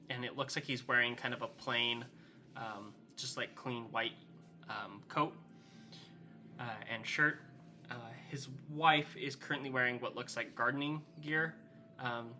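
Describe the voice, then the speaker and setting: A man's voice: medium pitch, sharp tone, slight background noise. A man narrating as game master in a rambling, filler-heavy way.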